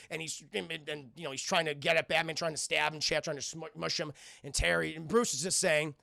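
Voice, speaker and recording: A young man casually recapping a cartoon episode for a live stream chat, excitable, laughing often and tripping over his words. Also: a little high, brisk, vocal fry, hardly any pauses, no echo, clean studio sound.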